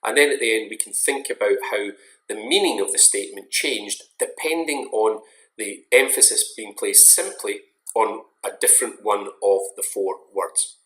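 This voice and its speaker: Low-voiced man lecturing in an echoey room. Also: fairly bright tone. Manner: measured, explanatory, stresses key words. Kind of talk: recorded online lecture. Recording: roomy echo.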